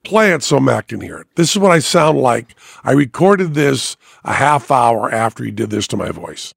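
Gravelly, husky animated male host. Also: mid-range voice, moderate pace, no room sound, clean studio sound. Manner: lively storyteller, acts out other people's voices. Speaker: podcast host. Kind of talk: casual chat, animated storytelling.

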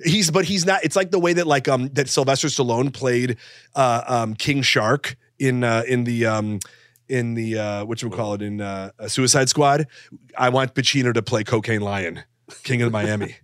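A man riffs through a comedy podcast, rambling from joke to joke with plenty of fillers. His voice sits at an everyday pitch, recorded close and dry with no room sound. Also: moderate pace, a bit bright, no room sound. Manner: rambling, joking, lots of fillers. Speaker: podcast co-host. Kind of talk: casual comedic chat.

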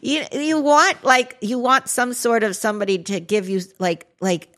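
A woman's voice: a little high, lively intonation, normal speed, fairly bright tone. A woman co-hosting a podcast in casual chat, often laughing and chiming in, with rambling sentences. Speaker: podcast co-host.

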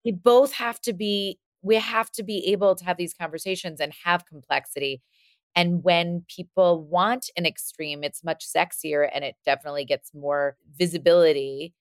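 Woman podcast host with a low voice, reflective and conversational; close, dry studio recording. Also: fairly even intonation, moderate pace, clear, resonant tone, no echo. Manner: thoughtful, restates points, laughs lightly. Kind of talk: casual conversational podcast discussion.

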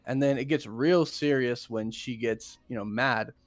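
A man's voice: medium pitch, measured pace, no room sound. A man hosting a podcast, chatting casually and animatedly about a film he is reviewing, often slipping into quotes from it. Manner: animated, acts out quoted movie lines. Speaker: podcast host.

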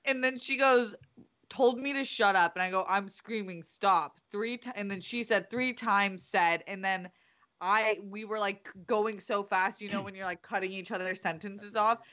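A woman in casual conversation, retelling a funny text exchange at a brisk pace. Her voice is bright and forward. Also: mid-range voice, fairly even intonation. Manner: quick retelling of text messages. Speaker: podcast co-host. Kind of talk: casual chat.

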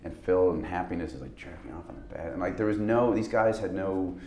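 A man's voice: deep voice, a little fast, a little mellow, a little hiss or hum. A man, an actor, chatting casually in an interview, rambling with restarts and laughing as he tells stories. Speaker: actor guest. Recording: roomy echo.

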